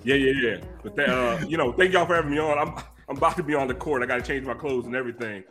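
A man's voice: medium pitch, fast, fairly bright tone, soft background music, natural voice. A man doing a drawling basketball star impression. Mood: laid-back. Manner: drawling, playful, mumbled hums. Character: impression of a male basketball star, laid-back. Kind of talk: comedic impression on a podcast.

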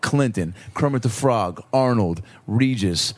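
A man from the United States, a comedian guest in casual podcast banter, telling animated stories. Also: mid-range voice, unhurried, no room sound. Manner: animated storyteller, slips into character voices.

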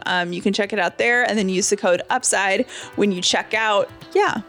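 A woman co-hosting a casual podcast, teasing and animated, with many fillers. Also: mid-range voice, a little fast, few pauses, no echo. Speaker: podcast co-host. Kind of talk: casual chat.

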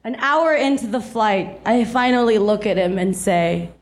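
A woman's voice: mid-range voice, expressive, unhurried. A woman in her thirties from South Texas, telling a stand-up story with chatty, laughing energy. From South Texas, USA. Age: 30s. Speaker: stand-up comedian. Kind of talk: stand-up comedy set. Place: comedy stage before a live audience. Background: audience laughter.

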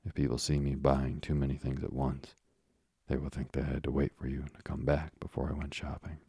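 A man voicing a frail, gentle old father in an audiobook, speaking softly and wearily. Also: rumbling low, monotone, brisk, creaky, breathy edge, no echo, studio quality, full character voice. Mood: gentle, weary.

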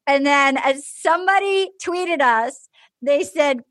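A woman hosting a podcast in casual chat, acting out quotes with animated delivery. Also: high-pitched, slow pace, no echo. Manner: animated, acts out quotes from the show. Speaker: podcast host.

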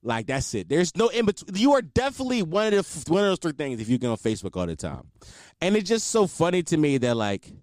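A man's voice: on the high side, sing-song, fast, a little mellow, dry recording, clean studio sound. A young man hosting a solo show, ranting in a blunt, profane, mocking way. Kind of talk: casual comedic rant.

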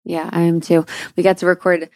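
A young woman with a slightly nasal, low-pitched voice, chatting as a podcast co-host. She is bubbly and laughs easily, recorded close and dry with no room sound. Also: flat delivery, a little fast, no echo. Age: young adult. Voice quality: nasal from allergies. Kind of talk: casual chat.

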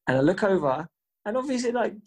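A man co-hosting a podcast, chatting casually and telling an animated story, swearing freely and acting out the voices of people he quotes. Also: high-pitched, fast. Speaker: podcast co-host. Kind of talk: casual chat.

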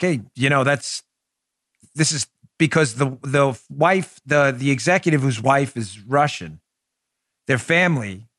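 A man's voice: fairly high pitch, a bit bright, no room sound, studio quality. A man hosting a political commentary show, sarcastic and mocking, emphatic and heated, with jokey banter toward his co-host.

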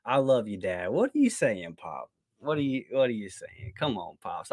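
A man hosting a casual sports talk podcast, reading out listener comments in a relaxed, chuckling way. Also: on the low side, fairly quick, no echo, clean studio sound. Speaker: podcast host.

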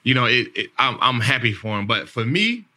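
This thirtysomething podcast host, who is also an NFL player, has a medium-pitched, sing-song voice with a sharp edge and a slightly quick pace. His storytelling is loose and rambling, full of repeated words and plenty of "man" and "like."

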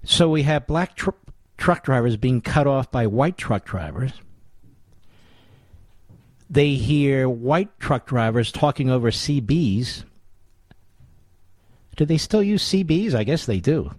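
A man hosting a talk radio show, delivering a combative, sarcastic monologue full of mocking rhetorical questions, his voice rising high in indignation. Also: expressive, slow pace, long pauses, dry recording. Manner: voice climbs high and loud in indignation.

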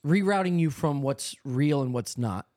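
A man's voice: a little high, lively intonation, moderate pace, a little mellow. A man co-hosting a comedy podcast, rambling in crude, joking chat. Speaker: podcast co-host.

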